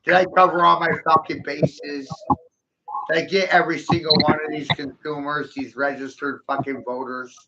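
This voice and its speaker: A man with a high, gravelly voice rants in a hostile, taunting way, jeering and sneering line after line. The sound is muffled and lo-fi. A steady hiss of noise sits under him. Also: normal speed. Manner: aggressive, mocking, taunting, profane. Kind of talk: solo taunting rant to camera.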